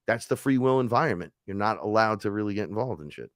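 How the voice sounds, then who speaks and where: Deep-voiced man rambling casually. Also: expressive, fast, hardly any pauses, fairly bright tone, no room sound, clean studio sound. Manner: rambling, profane, loose storytelling. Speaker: host. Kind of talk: casual live-stream chat.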